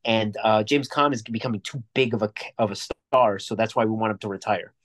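On this casual movie review podcast, a male co-host speaks on the low side, slightly quickly, with a fairly bright tone. His talk is rambling and jokey, full of frequent restarts.

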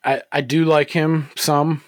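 A man's voice: fairly high pitch, little pitch movement, a little slow, dry recording, clean studio sound. A man co-hosting a podcast in casual chat, cursing freely and laughing easily. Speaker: podcast co-host.

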